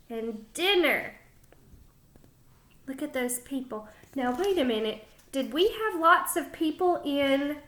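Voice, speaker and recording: A woman's voice: sits high, a bit bright. A woman teacher reading a picture book aloud to children, stopping to explain words and ask them questions. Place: home kitchen.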